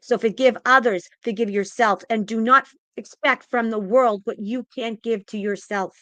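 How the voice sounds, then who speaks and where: A woman's voice: fairly high pitch, fairly even intonation, normal speed, sharp tone, no echo, lo-fi sound. A woman psychic giving an impassioned spiritual pep talk, emphatic and repetitive, audibly emotional and close to tears. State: tearful, emotional.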